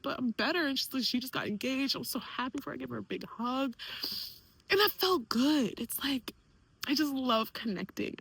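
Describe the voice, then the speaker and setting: A young woman speaking candidly in a personal vlog, emotional and animated, quoting others in lively voices. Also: sits high, vocal fry, breathy edge, no room sound, poor audio. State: tearful at times. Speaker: vlogger.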